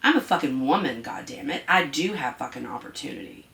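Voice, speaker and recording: A woman's voice: rumbling low, fairly quick, creaky. A woman being interviewed as a guest, talking bluntly and animatedly with lots of profanity and acting out what others say. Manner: profane, blunt and animated, acts out quoted voices. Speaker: guest artist. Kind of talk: candid interview conversation. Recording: echoey room.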